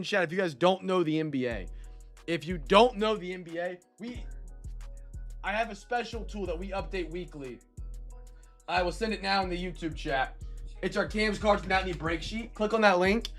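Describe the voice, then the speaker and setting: Man, card break host, casual live-stream chat, rambling, slightly high voice, faint background music. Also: fairly bright tone. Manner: chatty, rambling, reads out player names and chats with viewers.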